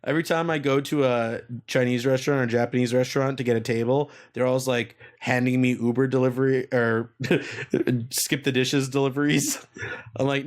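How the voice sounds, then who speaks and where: A man's voice: mid-range voice, fairly even intonation, moderate pace. A man hosting a casual comedy podcast, self-mocking and crude, swearing freely as he riffs. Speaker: podcast host.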